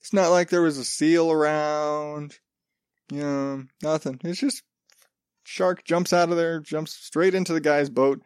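Male podcast host, slightly high voice, rambling and cursing, dry close-miked sound. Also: fairly even intonation, a little slow, smooth, no room sound. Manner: rambling, profane, self-interrupting. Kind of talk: casual solo podcast chat.

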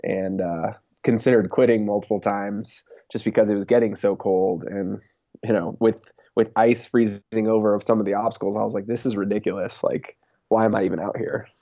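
A young man talking casually in an interview, relaxed and full of fillers like "like" and "you know.". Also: on the low side, a little fast, no room sound, highs cut off. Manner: relaxed, filler-heavy, laughs often. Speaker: interviewed race champion.

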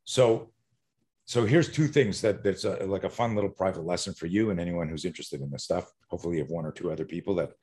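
Profane middle-aged self-defense instructor. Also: male voice, deep voice, fast talker. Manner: animated, profane, acts out scenarios. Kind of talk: podcast guest interview.

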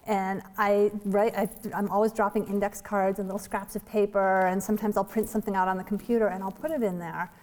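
A novelist in her forties telling the story behind her book in a chatty, animated way, with light laughs and fillers. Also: mid-range voice, a little fast, few pauses. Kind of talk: storytelling author talk. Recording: long hall reverb.

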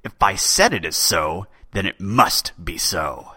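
A man voicing an aging, hot-tempered male chief poet with a thin, raspy voice, booming and imperious. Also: expressive, measured pace, sharp tone, dry recording, studio quality, exaggerated voice. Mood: furious.

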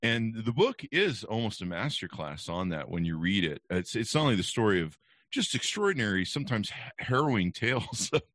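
Low-voiced podcast host, effusive. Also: male voice, big pitch swings, fairly quick, a bit bright, no echo, clean studio sound. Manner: effusive, rambling praise. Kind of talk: interview podcast.

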